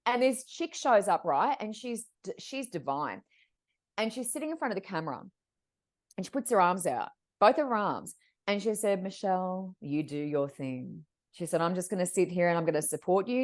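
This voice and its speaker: A woman guest, a psychic medium, telling stories in a lively conversational way, acting out quoted voices in quick bursts. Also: medium pitch. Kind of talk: animated storytelling in conversation.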